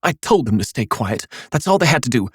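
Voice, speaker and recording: A man narrating an audiobook voices a cold, bitter, scheming middle-aged mother who speaks sullenly and sarcastically, sounding resentful. His medium-pitched voice is husky, sing-song, fairly quick, and pushed up. The recording is studio quality with no room sound.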